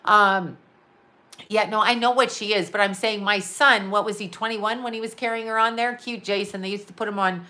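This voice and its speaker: Bright-voiced woman ranting on a livestream. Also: mid-range voice, moderate pace. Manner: rambling, profane, animated, talks straight to viewers. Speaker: psychic medium and astrologer. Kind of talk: livestream rant.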